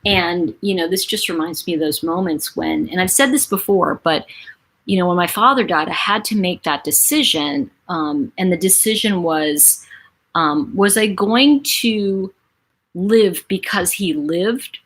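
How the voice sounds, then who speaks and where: Middle-aged woman host, husky and a bit low, loose expressive live-chat delivery. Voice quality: lively, expressive, many fillers. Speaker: host of a live stream, reading viewer comments. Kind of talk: casual live-stream chat.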